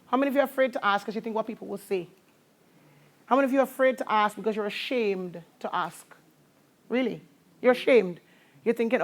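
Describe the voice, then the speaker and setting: Speaking briskly and pausing often, a woman with a Trinidadian accent and a fairly high voice delivers a lively motivational talk. She tells her own story to a live crowd and gets them calling back in response.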